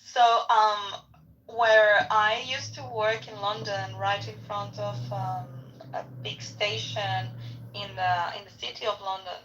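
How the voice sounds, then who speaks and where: Chatty woman, bright voice, kinda muffled, faint hiss in the back. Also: medium pitch, fairly even intonation, a little slow. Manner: chatty, laughs easily, hesitant with fillers. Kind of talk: casual chat.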